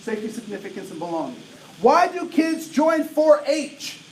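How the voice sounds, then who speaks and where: A man in his late forties giving an energetic diversity talk to an audience, often asking "right?" to check in with them. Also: extremely high pitch, normal speed. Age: 40s. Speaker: diversity trainer. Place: large room with an audience. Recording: roomy echo, voice from a distance, faint noise.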